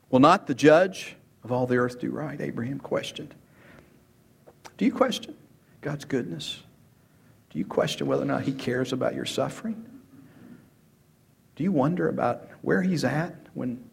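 A man's voice: mid-range voice, creaky, slightly rough. A man preaching a sermon as pastor, emphatic, asking rhetorical questions and repeating key words.

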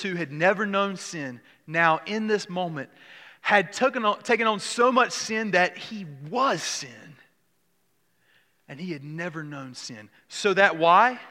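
A male pastor delivers a sermon with earnest conviction, restarting phrases and sinking to a hush on key words. His voice sits a little high and rings bright and forceful. The sound carries a long reverb, as in a church sanctuary.

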